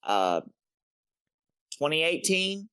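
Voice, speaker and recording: A man's voice: fairly high pitch, very animated, slow, pushed and bright, clean tone, no room sound. A man co-hosting a casual sports podcast, swearing freely and rambling through anecdotes. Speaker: podcast co-host.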